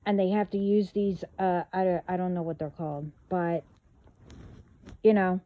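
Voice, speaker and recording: A woman vlogging in a casual monologue, talking haltingly with many fillers and trailing thoughts. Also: on the low side, steady tone, narrow, tinny audio.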